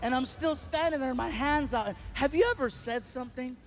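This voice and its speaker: A male stand-up comedian telling a story on stage, animated and acting out the voices of the people in it. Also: very high-pitched, normal speed, a little hiss or hum.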